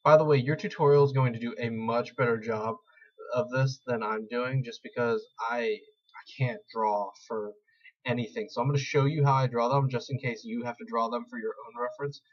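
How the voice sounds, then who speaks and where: A man's voice: mid-range voice, fairly even intonation, moderate pace. A young man giving a casual screen-recorded tutorial, rambling and self-deprecating as he explains. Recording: slightly dull lo-fi mic.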